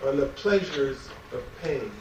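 A man giving a live poetry reading, chanting his lines rhythmically with wry asides between poems. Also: on the high side. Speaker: poet. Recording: echoey room, distant mic, background noise.

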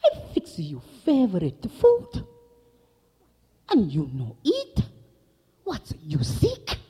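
A woman's voice: medium pitch, huge pitch swings, slow, warm tone, slightly rough, voice pushed up, heavily acted. A woman voicing a fussing Italian mother who speaks in broken English. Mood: worried.

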